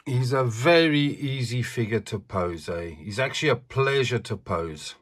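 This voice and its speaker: A man's voice: mid-range voice, expressive, a little slow, husky. A man chatting casually as he shows off an action figure, often asking the viewer "eh?". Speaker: action figure collector showing a figure. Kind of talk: casual show-and-tell vlog.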